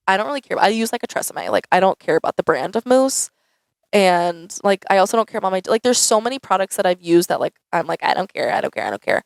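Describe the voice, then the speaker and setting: A woman's voice: mid-range voice, no echo, poor audio. A young woman answering viewer questions in a casual, chatty vlog, saying "like" a lot. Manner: chatty, says "like" often, animated. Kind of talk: casual Q&A chat. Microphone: camera mic.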